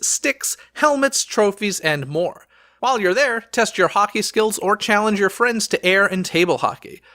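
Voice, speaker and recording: A man reads a scripted news roundup for his podcast, upbeat and quick with a wry, sarcastic streak. His voice sits high and sounds bright and forward. It is recorded close on a mic in a dry space with no echo.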